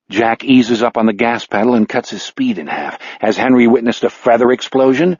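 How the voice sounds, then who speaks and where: A man narrating an audiobook in an even, steady storytelling manner, with a husky voice. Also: medium pitch, normal speed, no echo, highs cut off. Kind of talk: scripted narration.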